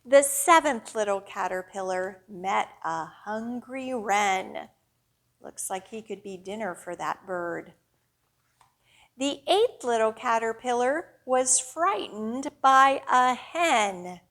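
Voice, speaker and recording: Female children's librarian, storytime host; unhurried, bouncy, high-ish, very expressive delivery. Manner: slow, sing-song, animated storyteller voice.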